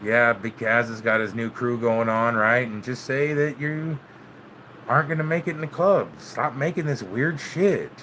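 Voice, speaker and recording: In a pushed, bright mid-range voice at a moderate pace, a channel host chats with his live viewers vlog-style. He's relaxed and easygoing, drops "man" a lot and swears often, and there's slight background noise.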